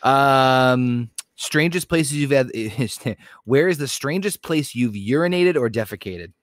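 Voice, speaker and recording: A man's voice: medium pitch, expressive, slow pace, no room sound. Laid-back man, dry close sound. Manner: laid-back, rambling with fillers and swearing. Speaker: podcast co-host. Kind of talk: casual chat.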